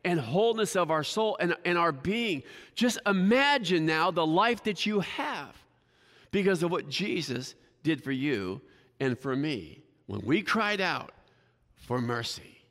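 A man with a fairly high voice preaches to his congregation, chatty and self-deprecating, tossing in "right?" as he goes. His voice rings with a long reverb from a church sanctuary. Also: lively intonation, unhurried, a bit bright. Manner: conversational, keeps asking the congregation "right?". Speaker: pastor. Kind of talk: sermon.

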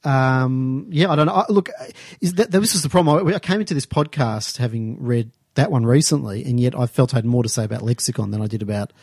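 A man co-hosting a podcast, talking about books in a halting way, with frequent stumbles and blunt opinions. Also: mid-range voice, a little mellow, slightly rough, no echo, studio quality. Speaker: podcast co-host. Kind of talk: casual book discussion.

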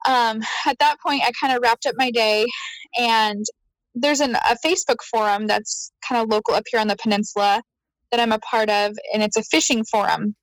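A high-voiced woman tells a story in casual conversation. She is animated, laughs often and acts out what she said. The sound is dry and close. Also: normal speed, dry recording, rough recording. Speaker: guest.

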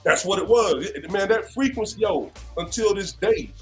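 A man from North Carolina, a guest musician telling stories in a casual interview, animated and conversational. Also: high voice, moderate pace, faint music behind. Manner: animated, conversational, leans on "you know what I'm saying".

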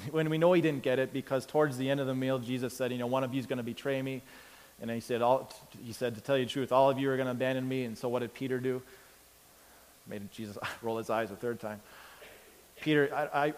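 A man preaching a sermon, telling the story with lively acted-out voices and big swings from loud to quiet. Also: mid-range voice, quick pace, long reverb tail. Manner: animated storytelling, acts out characters with big swings in loudness. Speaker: pastor.

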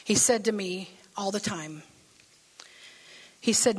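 A middle-aged woman pastor gives a sermon in a church sanctuary, her mid-range voice carrying a breathy edge. She goes slowly, leaving long pauses, yet stays animated, telling casual stories that swell into bold declarations.

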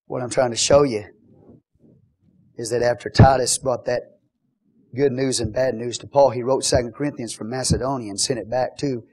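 A pastor preaching a sermon in church, emphatic, often checking that the congregation follows along. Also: male voice, mid-range voice, fairly even intonation, moderate pace, a little mellow.

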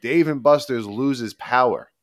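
A man co-hosting a podcast, telling a long story in a rambling, animated, casual way with frequent laughs. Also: medium pitch, measured pace, no room sound, studio quality. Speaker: podcast co-host.

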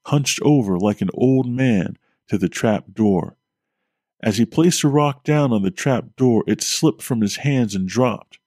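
A man telling a scripted horror story as a podcast host, steady and measured. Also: on the low side, dry recording, studio quality.

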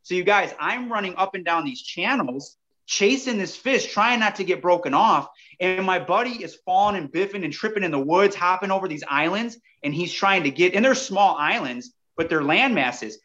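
Speaking at a normal speed, this slightly high-voiced man spins a casual story as a guest on a podcast. He's lively and talkative, repeatedly calling the audience "you guys," and the audio comes across muffled and lo-fi.

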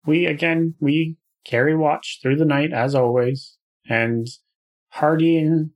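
A man's voice: a little high, steady tone, takes it slowly. A man playing in a tabletop game, talking casually and joking. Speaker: player.

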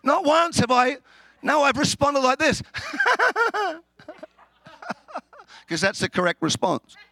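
Man, Australian accent, pastor, high voice, humorous sermon, animated, laughs often, repeats words. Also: moderate pace, no room sound.

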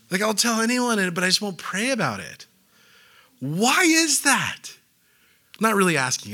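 A young pastor preaching in a casual, joking way, acting out little voices to make his points. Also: high-pitched. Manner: animated, joking, acts out voices. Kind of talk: sermon.

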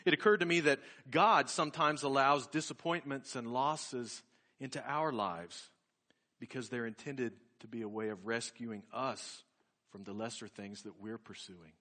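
A man preaching a sermon, telling a personal story in an earnest, reflective way that slows and softens at key points. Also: mid-range voice.

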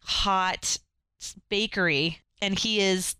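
A woman co-hosting a casual film discussion podcast, retelling the plot in an animated way. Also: mid-range voice, slow, clean tone, dry recording. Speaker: podcast co-host.

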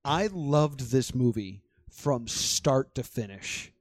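A man's voice: mid-range voice, lively intonation, slow pace, no room sound. A young man casually chatting about movies as a podcast co-host, acting out his own reactions.

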